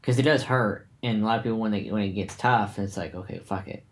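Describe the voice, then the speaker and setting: A man with a fairly low voice talks quickly in casual conversation about martial arts training. He's earnest and reflective, often restarting his sentences as he thinks.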